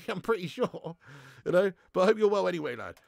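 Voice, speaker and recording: A young man hosting a live football watch-along, chatting with viewers in a laddish, sweary way and breaking into shouts at big moments. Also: high-pitched, animated, fairly quick, gravelly, no echo, clean studio sound. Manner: laddish banter, swears freely, reads chat aloud, bursts into shouts. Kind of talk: live stream chat and commentary.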